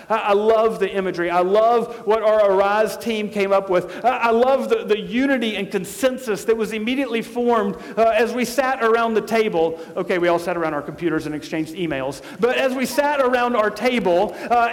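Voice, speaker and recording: A male pastor preaching a sermon with passion, swinging between soft, slow phrases and quick ones. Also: high-pitched. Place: church sanctuary. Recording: long reverb of a church sanctuary.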